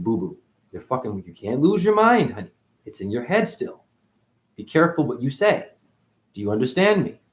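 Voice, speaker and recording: Man, livestream rant, spiritual, profane, middle pitch, sudden loud high bursts, low mutters, home webcam mic.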